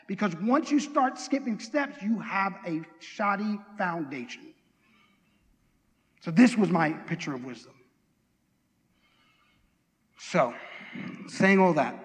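A man preaching a sermon, telling stories in an animated way, with restarts and self-deprecating asides. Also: sits high, long reverb tail.

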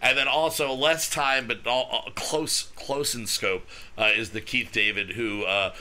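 A man's voice: medium pitch, fairly even intonation, a little slow, pushed and bright. A man in his thirties chatting casually on a podcast, rambling and self-deprecating. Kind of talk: casual chat.

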